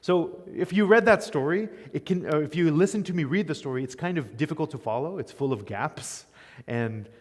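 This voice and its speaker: A man's voice: a little high, animated, fairly quick, in a large hall. A man giving a conversational Bible lecture as a teacher, often checking in with his listeners. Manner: conversational, keeps asking "right?". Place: church.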